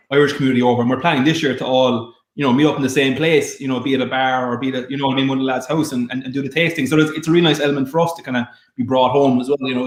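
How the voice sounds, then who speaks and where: A man joins the stream and talks casually and quickly, his sentences loose with filler. His voice comes through with a roomy echo around it. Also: mid-range voice.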